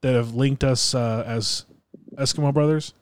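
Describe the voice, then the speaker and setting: A man's voice: mid-range voice, fairly even intonation, normal speed, a little hiss or hum. A man co-hosting a podcast over a video call, teasing his co-host in a wry, casual way and swearing freely.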